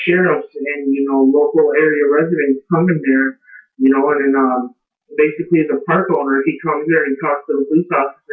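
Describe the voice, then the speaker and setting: Rambling man retelling a horror story. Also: fairly high pitch. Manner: rambling, many fillers like "you know". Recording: tinny, echoey, from a distance.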